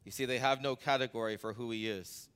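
A man preaching a sermon as pastor, talking conversationally through an anecdote, building to emphatic peaks and then dropping low. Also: steady tone, fast talker, fairly bright tone, clear, resonant tone.

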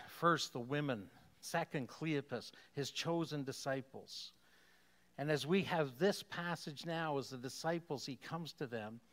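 A man preaching a sermon as a pastor, animated, chuckling often and asking rhetorical questions. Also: fairly high pitch.

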